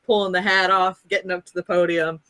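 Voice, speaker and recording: A player in a tabletop game, chatty and quick to laugh. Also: medium pitch, level tone, sharp tone, dry recording.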